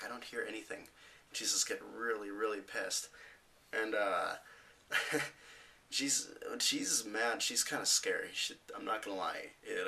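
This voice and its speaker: A teenage boy vlogging, casually telling a story with rambling fillers and animated retellings. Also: on the low side, far from the mic, low-quality recording.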